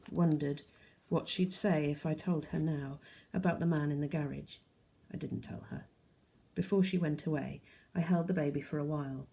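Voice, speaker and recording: A woman teacher reading a novel aloud to her class in a steady, plain storytelling manner. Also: sits low, creaky, a little hiss or hum.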